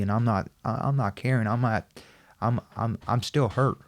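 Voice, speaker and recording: A man as a podcast guest, recounting a personal story and acting out the dialogue in an animated, repetitive way. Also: medium pitch, moderate pace. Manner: animated, acts out quoted dialogue, repeats himself.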